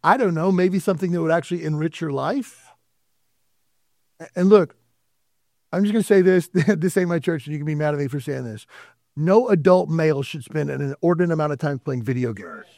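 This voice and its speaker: Pastor guy preaching, kinda higher voice but mellow, chatty, dry close sound. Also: brisk, creaky, no room sound. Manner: conversational preaching with asides and quoted dialogue. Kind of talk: sermon. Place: church sanctuary.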